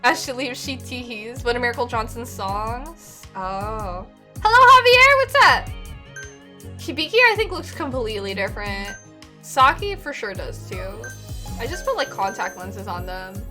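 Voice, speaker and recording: A woman streamer giving excitable, exclamatory casual commentary while playing a game. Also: on the high side, normal speed, soft background music.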